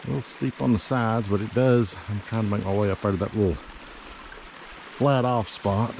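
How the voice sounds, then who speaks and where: With background noise around him, a man with a fairly low, creaky voice and fairly even intonation talks at a moderate pace. He's a sniffling real estate agent with a cold, short of breath from climbing as he films a walking vlog tour of wooded riverside property. His manner is folksy and rambling, full of fillers.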